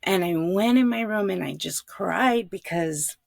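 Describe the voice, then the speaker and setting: Gravelly low-voiced middle-aged woman. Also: unhurried, no room sound, studio quality. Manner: earnest, heartfelt, confessional. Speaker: podcast guest. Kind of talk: emotional personal storytelling.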